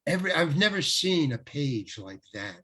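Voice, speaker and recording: An older male actor, a guest on an interview, telling rambling, animated anecdotes full of restarts. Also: on the high side, moderate pace. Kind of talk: casual storytelling interview.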